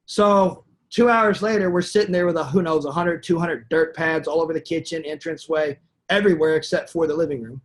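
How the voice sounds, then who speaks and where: A sales trainer with a slightly raised pitch tells a long sales story on a webinar, talking a little fast. He's animated and anecdotal, acting out the quoted dialogue as he goes.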